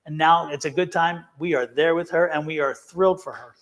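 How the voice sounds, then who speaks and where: A man's voice: fairly high pitch, fairly quick, a bit bright. A man co-hosting a live tarot stream, talking in an earnest, emphatic way and often repeating himself. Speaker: tarot reader, co-host. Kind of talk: casual live-stream chat.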